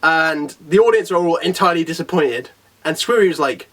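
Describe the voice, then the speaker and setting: Excited guy talking about a comic, pitch jumping all over, laughs a lot, bit off mic. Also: normal speed, recorded from a distance. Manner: animated, laughs often, quotes characters in little voices. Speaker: anime reviewer. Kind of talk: excited casual chat.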